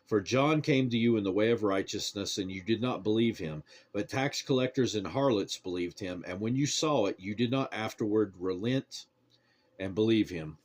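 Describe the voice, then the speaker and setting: Male reader, lowish voice, even measured scripture reading. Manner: steady, measured reading cadence. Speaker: Bible reader.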